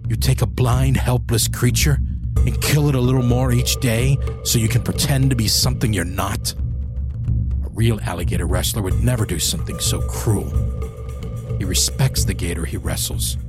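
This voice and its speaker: A man voicing a huge, stern male captor who speaks in a measured, accusing, quietly threatening way. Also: medium pitch, fairly even intonation, close to an everyday voice. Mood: angry. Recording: voice over clear background music.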